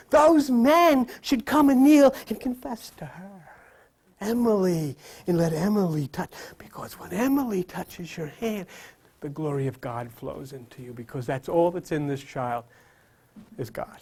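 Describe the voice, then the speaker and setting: A man's voice: sits high, unhurried, husky. Emphatic man preaching a Bible lesson. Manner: emphatic, repetitive preaching that swings from loud to whispered; quizzes and coaxes his listeners with questions. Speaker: Bible teacher. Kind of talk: sermon-style Bible lesson.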